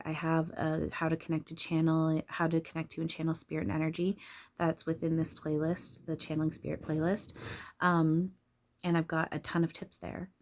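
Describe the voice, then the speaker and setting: Woman, low voice, spiritual channeler, casual monologue, candid and swearing. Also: a little mellow. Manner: candid, swears freely, laughs often.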